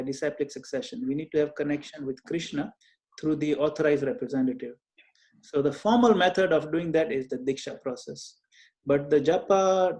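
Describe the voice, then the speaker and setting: A man leading a devotional Q&A over a video call, speaking gently and earnestly with frequent small hesitations. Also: on the high side. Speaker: Q&A session leader. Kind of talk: online group Q&A, teaching.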